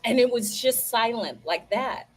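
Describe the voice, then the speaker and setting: A woman hosts a livestream and chats with her viewers in a casual, lively storytelling way. Her voice sits a little higher than most women's. She takes her time, talking at an unhurried pace. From United States. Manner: chatty, animated storytelling, talks to viewers directly. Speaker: livestream host. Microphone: computer mic, livestream.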